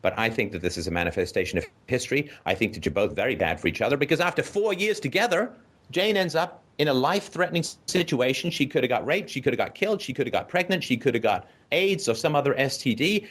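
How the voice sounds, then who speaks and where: A man of medium pitch hosts a call-in show, talking fast and animatedly with a breathy edge. He delivers forceful, no-nonsense advice to a caller in a curse-laden, image-rich lecture, often checking in with "right?"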